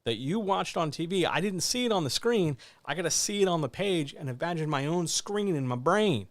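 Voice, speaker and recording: A man's voice: fairly high pitch, lively intonation, fairly quick, dry recording. A man hosting a casual writing chat, teaching with blunt, wry emphasis and lots of repetition. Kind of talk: casual instructional talk.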